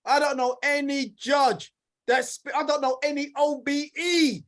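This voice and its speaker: An energetic man hosting a talk show, his voice sitting unusually high. He rallies the audience and hypes his guest with bursts of excitement. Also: unhurried. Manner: energetic, hyping the audience, laughing. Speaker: host.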